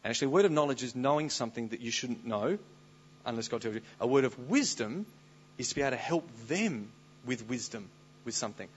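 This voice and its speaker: Animated male preacher, soft to loud. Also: mid-range voice, quick pace, a little hiss or hum. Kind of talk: conference sermon. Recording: slightly dull live recording.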